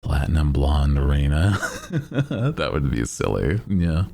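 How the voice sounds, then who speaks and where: A man's voice: a bass voice, very animated, slow pace, vocal fry, warm tone. A man streaming and chatting casually with his viewers in a playful, self-mocking way, laughing often. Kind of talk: casual chat.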